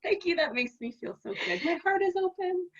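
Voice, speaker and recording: A woman's voice: very high-pitched, a bit bright, muffled recording, a little hiss or hum. A woman guesting on a casual podcast chat, giggly and affirming.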